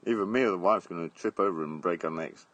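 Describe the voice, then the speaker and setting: A blunt, middle-aged man from England with a low, deep voice rambles through a live stream from his garden. He holds the phone at arm's length and chats loosely, laughing between his remarks and swearing freely. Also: quick pace, a bit bright. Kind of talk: casual live-stream chat. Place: outdoors in a garden. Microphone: phone held at arm's length.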